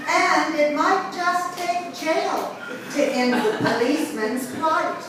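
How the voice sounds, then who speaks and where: A middle-aged woman telling a personal story with wry, dry humor. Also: sits high. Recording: echoey room from a distance with background noise.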